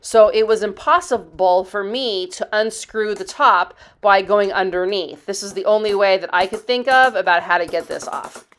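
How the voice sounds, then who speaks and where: A woman in her fifties narrating her home project in a rambling, chatty way, drifting into stories and asides. Her voice is smooth and clear, sitting at an ordinary middle pitch. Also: normal speed, hardly any pauses, fairly bright tone. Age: 50s. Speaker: DIY channel host. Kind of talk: casual storytelling voice-over.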